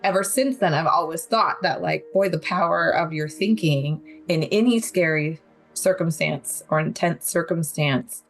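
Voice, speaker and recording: A woman's voice: lowish voice, unhurried, soft background music. A young adult woman, a podcast guest, telling her survival story in vivid, candid detail with occasional nervous laughs. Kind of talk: personal story in an interview.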